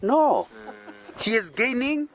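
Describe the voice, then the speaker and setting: A man's voice: very high voice, big pitch swings, takes it slowly, a crowd in the background. A man with a Kenyan accent, from Kenya, preaching an interactive sermon. He keeps checking in with his listeners through rhetorical questions and chuckles.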